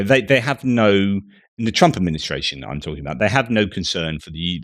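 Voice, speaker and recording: A man's voice: deep voice, no room sound, studio quality. A man commenting on the news, reading quotes and then discussing them in a loose, conversational way. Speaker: geopolitics commentator.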